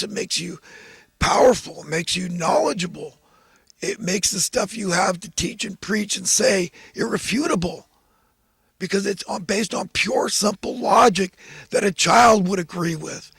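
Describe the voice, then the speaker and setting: A man's voice: high voice, a bit bright, husky, no room sound. A man giving a rambling, fervent, preachy monologue as host. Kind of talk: impassioned political monologue.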